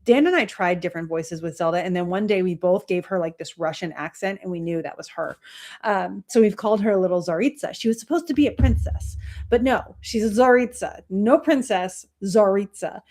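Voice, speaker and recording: A woman in her thirties hosting an astrology livestream, chatting casually with viewers in a rambling way, with many fillers and soft laughs. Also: medium pitch, a little fast.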